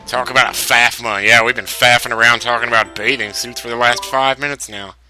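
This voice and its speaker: A man's voice: mid-range voice, fairly even intonation, fairly quick, bright, forceful tone, faint music behind. A man commentating on a video game as he plays, joking and rambling. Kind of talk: let's play commentary.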